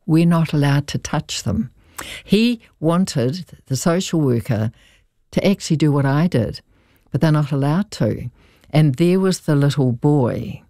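A lawyer telling a client's story in an interview, in an earnest, measured way with emphatic repeats. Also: mid-range voice, mellow, no echo, clean studio sound.

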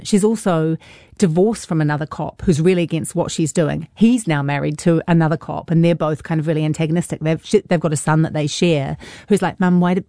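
A woman's voice: low voice, no echo, clean studio sound. Gushing woman reviewing films. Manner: gushing, enthusiastic, animated. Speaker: film reviewer. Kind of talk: casual radio film review chat.

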